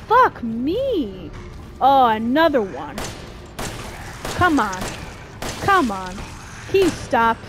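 High, animated woman cursing through a horror game. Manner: profane, jumpy, yelling when scared. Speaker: gaming streamer. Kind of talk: let's play commentary. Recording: faint game music behind.

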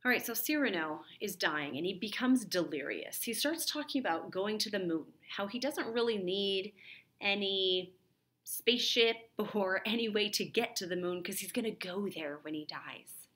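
A woman's voice: mid-range voice, moderate pace, a bit bright. A woman teacher summarizing a play for a literature lesson, retelling it in a conversational way with fillers.

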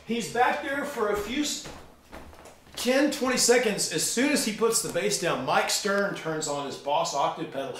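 A middle-aged man telling stories in a loose, animated way, swearing freely, in a casual chat. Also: high-pitched, normal speed, roomy sound, recorded from a distance, a little hiss or hum. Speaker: guest musician.

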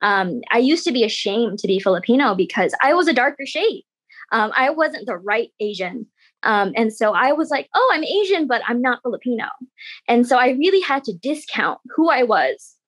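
A woman's voice: on the high side, expressive, fairly bright tone, husky, dry recording, low-quality recording. Earnest young woman, dry close sound. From United States. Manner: earnest, halting, with frequent "um" and "like". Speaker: panelist. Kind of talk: candid personal testimony on a video call. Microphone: video call.

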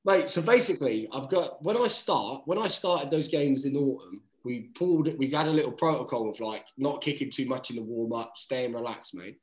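A man in his thirties, a guest on a podcast, telling stories in animated casual chat. He swears freely and keeps saying "mate.". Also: mid-range voice, normal speed, hardly any pauses. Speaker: guest, rugby player. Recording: roomy echo.

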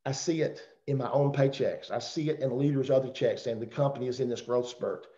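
A man's voice: medium pitch, brisk, dark tone. A middle-aged man with a Southern accent giving a rambling, joking motivational talk on a video call. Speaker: guest speaker on a company call. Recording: roomy, dull video call audio.

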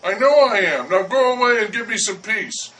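A man's voice: high voice, expressive, moderate pace, sharp tone, recorded from a distance, rough recording. A man voicing a condescending poet who coolly talks down to a baker. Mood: patronizing. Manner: smooth, patronizing, persuasive. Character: languid condescending male poet.

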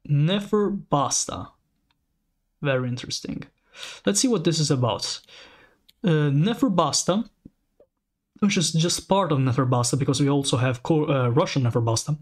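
A man hosting a casual commentary, reading lore aloud and reacting with excited, rambling asides. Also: fairly high pitch. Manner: excitable, rambling, frequent restarts and exclamations. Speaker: channel host.

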